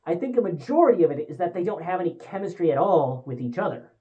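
A young woman reviews a movie casually in a lowish voice, talking fast and animatedly over dull-sounding audio. She rambles and speaks candidly, full of fillers, restarts, and self-corrections.

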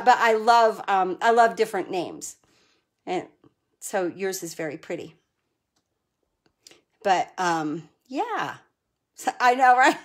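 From her home crafting corner, a chatty middle-aged woman hosts a casual live stream. She has a mid-range voice, laughs often and replies to viewers by name.

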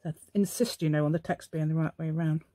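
A woman's voice: low voice, fairly even intonation, quick pace, dark tone. A middle-aged woman demonstrating a craft project, rambling and chatting to herself in a playful put-on posh telephone voice. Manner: rambling, chatty, talks to herself while working. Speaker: crafting channel host.

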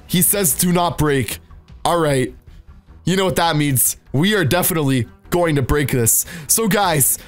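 Man, high voice, excited gaming commentary, exclamatory, faint music behind. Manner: hyped and exclamatory, talks straight to viewers. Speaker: Minecraft gaming YouTuber.

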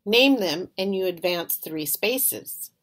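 A woman's voice: medium pitch, expressive, takes it slowly. A woman reading aloud, voicing a studious schoolboy asking quiz questions in a storybook. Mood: quizzing. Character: studious boy making a quiz game.

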